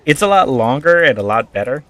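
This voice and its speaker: A man's voice: mid-range voice, very animated, fairly quick, fairly bright tone, no echo. A man casually retelling a tabletop backstory as a streamer, rambling with lots of fillers.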